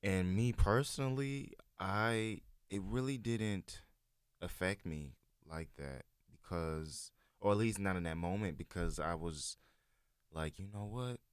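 A man in casual conversation, telling a personal church story in a relaxed, rambling way with many fillers. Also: deep voice, slow pace, clear, resonant tone, dry recording, studio quality. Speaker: guest sharing his church experience. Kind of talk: casual chat.

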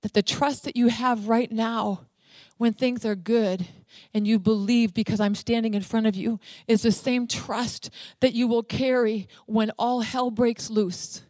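A woman's voice: a little high, fairly even intonation, measured pace, darkish tone, no echo. Emphatic woman preaching a sermon. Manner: emphatic, repeats and spells out single words.

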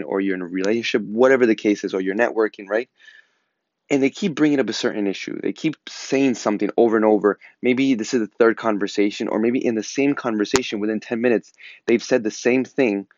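A man's voice: on the low side, a little mellow, no room sound, dull audio. A man hosting a casual advice monologue, talking earnestly and repeating himself with lots of fillers. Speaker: podcast host.

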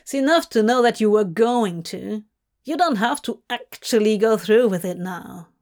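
A woman's voice: medium pitch, animated, moderate pace, darkish tone, natural voice. A woman voicing a snarky, irreverent male demon who talks brashly and sarcastically, in a storybook reading. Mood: impatient.

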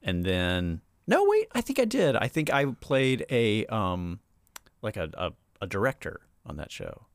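A man with a very low, gravelly voice chats loosely with his guest, circling his thoughts with lots of filler words. The sound is close and dry, with no room around it. He comes across as an easygoing host in casual conversation. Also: wildly swooping pitch, measured pace, no echo. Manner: rambling, heavy on filler words. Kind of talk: casual chat.

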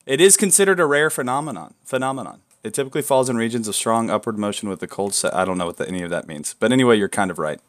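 A young man co-hosting a casual faith podcast, excitable and prone to loud whoops of joy. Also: medium pitch, rapid-fire, few pauses. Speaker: podcast co-host. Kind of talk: casual chat.

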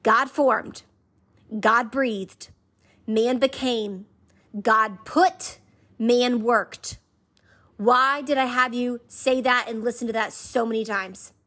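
A woman's voice: on the high side, steady tone, slow, fairly bright tone. A woman hosting a faith podcast, teaching conversationally and repeating key phrases in an emphatic rhythm while inviting listeners to say them back. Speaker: podcast host.

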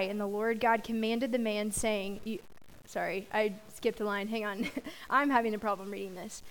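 A woman's voice: mid-range voice, fairly even intonation, moderate pace, low-quality recording. A young woman giving a youth sermon, praying and reading scripture in a casual, chatty way that laughs off her own slips. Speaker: youth speaker.

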